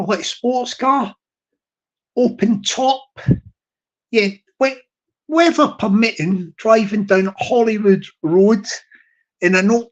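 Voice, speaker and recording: A man's voice: high voice, highs cut off. A man chatting to his live stream audience in a rambling, teasing way, repeating himself and restarting.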